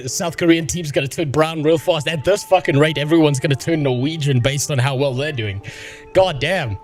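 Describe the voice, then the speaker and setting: A fairly high-pitched man talks at a normal pace over faint background music. He's a sick, medicated South African streamer hosting a casual livestream chat, rambling and swearing in a profane, excitable way.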